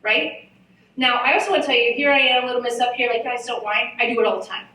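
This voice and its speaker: Bright-voiced woman in an echoey hall. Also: fairly high pitch, fast talker, recorded from a distance. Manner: candid, lively storytelling with self-mocking asides. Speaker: conference panelist. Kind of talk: live panel talk at a marketing summit. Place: large event hall.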